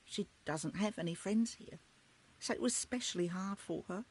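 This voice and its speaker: A woman's voice: medium pitch, normal speed, darkish tone, husky. An actress voicing a loyal female servant in a period video game, speaking formally with bitter contempt for her late master.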